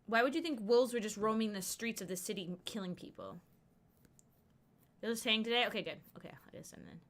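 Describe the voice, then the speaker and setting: A chatty woman streamer talking her way through a game, her voice bright and forward. She rambles through side stories and laughs often as she goes. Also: a little high, brisk. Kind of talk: casual gameplay commentary.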